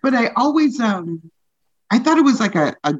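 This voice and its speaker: A woman stand-up comedian in a casual interview, talking fast and loose with lots of "like" fillers and frequent laughter. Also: fairly high pitch, very animated, no room sound, muffled recording.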